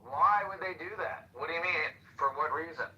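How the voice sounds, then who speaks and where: A man's voice: fairly high pitch, brisk, bright, forceful tone, reverberant, far from the mic, muffled recording. A man in a casual group chat, chatty and amused, telling about what he has been listening to and reading.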